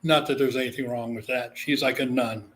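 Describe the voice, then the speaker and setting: A man's voice: mid-range voice, fairly even intonation, brisk, fairly bright tone, a little hiss or hum. A man from Guam, a psychic medium, telling a story in a casual interview, with lots of "you know" fillers and quoted voices. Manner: chatty, full of "you know" fillers, acts out quoted people.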